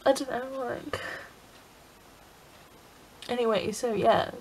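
A young woman from England opens up in a confessional vlog, her voice sitting high and catching in a gravelly fry. She sounds tearful and keeps reaching for "like" as she talks. A faint hiss runs under the recording. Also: fairly even intonation, slow, a little mellow, low-quality recording. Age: young adult. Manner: emotional, tearful, frequent "like" fillers. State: crying. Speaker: vlogger.

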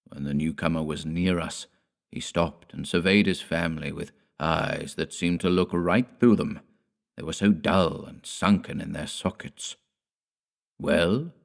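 A man reads a gothic horror tale aloud with measured, deliberate delivery. His voice sits very low. He tells it as a classic audiobook storyteller. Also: vocal fry. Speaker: audiobook narrator.

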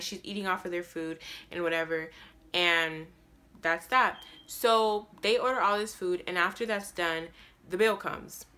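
A young adult woman vlogger telling a story about her serving job in a rambling, animated way with many restarts. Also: fairly low pitch. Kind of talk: storytime vlog.

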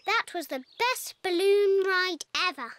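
An actress voicing a cheerful, excitable little girl pig in a cartoon, with a squealy, giggly, singsong way of talking. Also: very high-pitched, slow pace, heavy background noise, heavily acted. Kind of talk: cartoon voice acting. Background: music.

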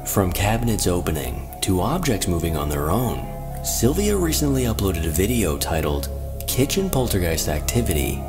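Very deep-voiced male narrator over music. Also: sing-song. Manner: measured, informative delivery. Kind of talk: scripted narration.

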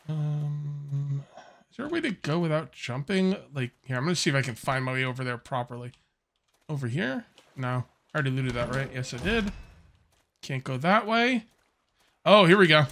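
A man's voice: fairly high pitch, lively intonation, normal speed, pauses often, a bit bright, a little hiss or hum. Easygoing man narrating his gameplay. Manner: rambling, easygoing, lots of fillers and restarts. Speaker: gameplay commentator. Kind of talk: casual let's-play commentary.

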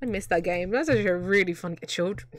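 Rattling off rapid-fire commentary at a fairly low pitch, a young woman plays a video game on stream, joking around and frequently laughing. A little background noise can be heard.

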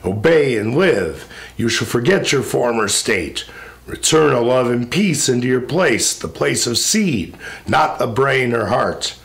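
A commanding immortal spirit handing down stern orders, as a man reciting epic verse gives him voice. The tone is gravelly and grave, and each phrase lands slow and solemn in a poetry recitation. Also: medium pitch, animated, a bit bright. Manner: solemn, measured declamation.

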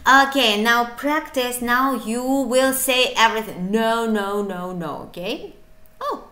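A woman's voice: fairly high pitch, slow, pushed and bright, echoey room. A woman teaching a beginner English lesson, encouraging and playful, breaking into little asides. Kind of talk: online language lesson.

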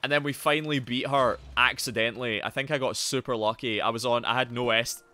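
A man streaming a game live, chatting casually and swearing, with sudden loud yells at the action. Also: mid-range voice, fairly even intonation, fairly quick. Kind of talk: live gameplay commentary and chat.

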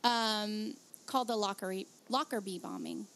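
A woman hosting a podcast in casual, animated chat, laughing easily as she talks. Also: mid-range voice, noisy background. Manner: chatty, animated, quick laughs. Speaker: podcast host.

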